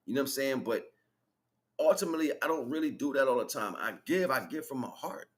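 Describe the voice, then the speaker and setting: A man's voice: medium pitch, expressive, fast talker. A man hosting a livestream, talking in a loose, rambling, slang-filled way and laughing as he retells things. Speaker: livestream host. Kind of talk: casual spiritual monologue.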